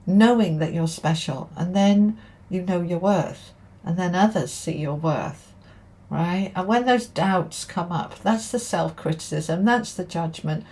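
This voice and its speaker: A middle-aged tarot reader and spiritual teacher gives a casual reading to camera in a lowish, slightly slow, somewhat mellow voice. She's chatty, checking in with listeners as she goes with "okay?" and "all right?"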